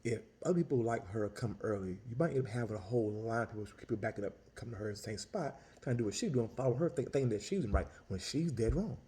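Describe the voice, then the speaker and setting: A man's voice: medium pitch, fast, few pauses. A man who sells Italian ice tells a story as a casual, exasperated rant, full of restarts and repeated words. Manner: animated, exasperated, lots of restarts and repetition.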